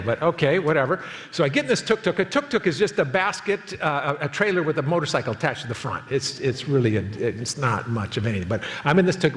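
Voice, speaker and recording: A man in his fifties preaching a sermon as pastor, telling a story with lively acted quotes. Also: mid-range voice, long reverb tail. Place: church auditorium.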